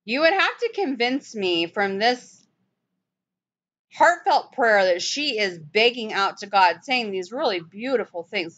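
A woman's voice: mid-range voice, measured pace. A woman giving a conversational Bible study in an emphatic way. She sometimes stops to correct herself. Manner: animated, emphatic, self-correcting. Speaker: Bible teacher. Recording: dull lo-fi recording.

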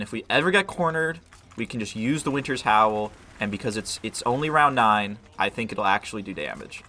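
A man's voice: mid-range voice, pushed and bright. A man casually commenting on his gameplay, swearing freely and mocking himself while strained from hot sauce. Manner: swears a lot, self-mocking, swings to yelps and groans. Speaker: gaming YouTuber.

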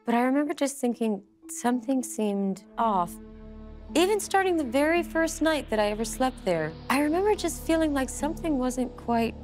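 A woman in a documentary interview, earnestly recounting a ghostly experience in a hushed, suspenseful way. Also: high voice, animated, moderate pace, soft background music. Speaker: celebrity guest telling a ghost story.

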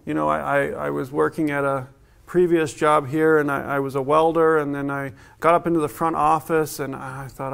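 A man's voice: a little high, flat delivery, normal speed, gravelly, a bit bright, clean tone. A middle-aged man preaching a sermon as a pastor in a church, in a conversational way, laughing often and acting out what people say.

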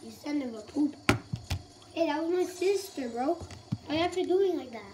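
A woman giving casual, playful gameplay commentary as a gaming YouTuber, excitable and calling everyone bro. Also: sits high, moderate pace, heavy background noise.

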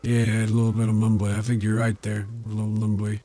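A man's voice: on the low side, completely flat delivery, fast talker, mellow, pitched below the performer's own voice. A man doing a mumbly, forgetful old politician through a voice changer. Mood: rambling. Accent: Yorkshire. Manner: mumbly, meandering. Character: rambling forgetful old male American politician. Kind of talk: gaming commentary in a put-on voice.

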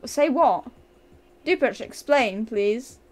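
Casting: young woman co-streamer, fairly high-pitched, dry teasing wit, fake lectures. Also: lively intonation, slow, darkish tone. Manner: teasing, mock-serious scolding. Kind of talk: casual gaming chat.

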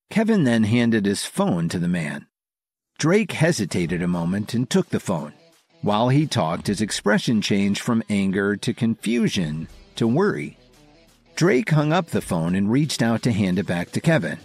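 A male narrator telling a dramatic audio series. His voice sits low with a husky grain, and his pitch moves lively through each line. Faint music runs beneath. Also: a little slow, dry recording.

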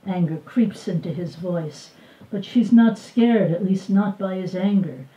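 An older woman with a low-pitched voice reads her memoir aloud at a bookstore, measured and expressive as she voices the dialogue. The sound is roomy and dull, picked up from some distance away. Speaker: author reading from her memoir. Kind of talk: live book reading. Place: bookstore reading event.

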